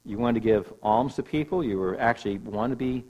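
A man's voice: medium pitch, a little fast, darkish tone, breathy edge, muffled recording. A man preaching a sermon, explaining scripture with emphatic stresses. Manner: emphatic teaching with rising and falling emphasis. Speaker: pastor.

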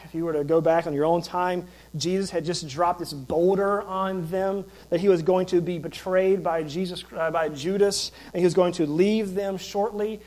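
A man's voice: sits high, a little mellow, poor audio. A man who is a pastor, preaching a sermon in an emphatic, conversational way with rhetorical questions.

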